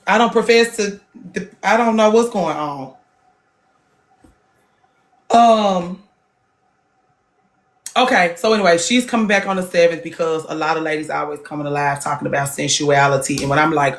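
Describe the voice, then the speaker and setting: Blunt, animated woman host. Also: normal speed, vocal fry. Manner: blunt and animated, jumps into higher voices for emphasis. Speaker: podcast host. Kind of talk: casual livestream chat.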